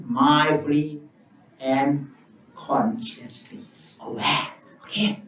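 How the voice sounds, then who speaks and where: Monk w indonesian accent guiding meditation real slow, lots of pauses, sounds far off in a roomy hall. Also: male voice, a little high, a bit bright, a little hiss or hum. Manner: slow, repetitive guidance with long pauses and simple broken English. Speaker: Buddhist monk teaching meditation. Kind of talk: guided meditation teaching. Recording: roomy, distant mic with faint ambience.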